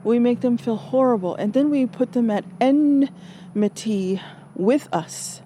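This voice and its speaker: A woman's voice: a little high, unhurried, warm tone, a little hiss or hum. A woman from Alaska giving an earnest spiritual monologue, often rephrasing herself and acting out the voices of people she quotes. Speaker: spiritual speaker. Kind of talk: reflective spoken monologue.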